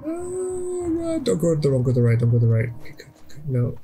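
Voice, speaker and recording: A man giving casual, excitable gameplay commentary, swearing often and yelling at the game. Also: fairly high pitch, brisk, music in the background. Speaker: let's play co-host.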